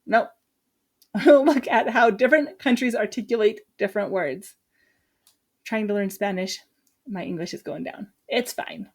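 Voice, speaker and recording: Woman, teacher, casual lesson walkthrough, chatty, lively asides, medium pitch. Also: moderate pace, long pauses. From Utah, USA.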